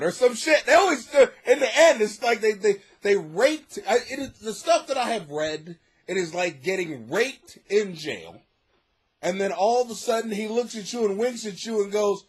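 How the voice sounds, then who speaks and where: A man from the United States talks in a high, very lively voice, hosting his own comedy podcast from a home basement. He rambles and swears freely, dropping to quiet mutters and then rising to near-shouts. He laughs often as he talks. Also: moderate pace, slightly rough. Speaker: podcast host, struggling comic. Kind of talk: casual comic monologue.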